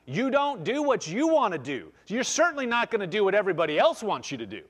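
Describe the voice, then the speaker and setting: Male pastor, high and animated, conversational sermon with scripture reading. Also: fast. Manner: explains verses aloud, frequent restarts. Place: church.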